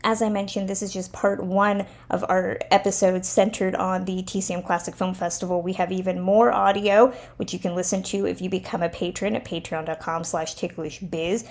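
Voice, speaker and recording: A woman's voice: fairly low pitch, little pitch movement, moderate pace, hardly any pauses, slight background noise. A woman hosting a podcast, reading an upbeat outro with announcements and thanks. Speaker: podcast host.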